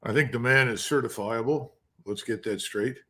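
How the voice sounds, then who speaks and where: A man's voice: medium pitch, normal speed, a bit bright. A man, a retired army colonel, bluntly giving his analysis as an interview guest. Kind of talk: interview commentary.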